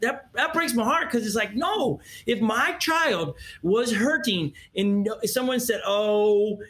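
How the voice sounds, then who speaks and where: A man with a notably high voice hosts a heartfelt interview. He talks earnestly and tells stories, often restarting his sentences as he searches for the right words. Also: animated, unhurried, sharp tone. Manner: earnest storyteller, stumbles and restarts as he feels his way. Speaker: interview host.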